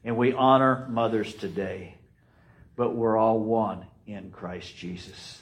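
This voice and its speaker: A man preaching a sermon, emphatic and repetitive, swinging between loud rises and quiet drops. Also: on the low side, steady tone, slow, low-quality recording. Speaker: pastor.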